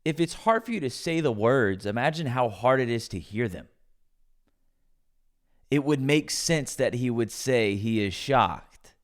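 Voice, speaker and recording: A man commenting on a clip in a scornful, mocking tone. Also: mid-range voice. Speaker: reaction commentator. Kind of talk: reaction commentary.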